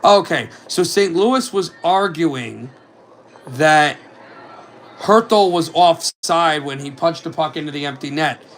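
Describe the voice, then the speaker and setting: A man calling hockey play-by-play for a fan simulcast, in a rapid running commentary with asides on other scores. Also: on the high side, a bit bright.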